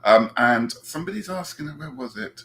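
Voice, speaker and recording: A man's voice: mid-range voice, animated, moderate pace, fairly bright tone, breathy edge. A man with a Southern English accent hosting a casual live-stream chat, reading out viewer comments and laughing often. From England. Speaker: host.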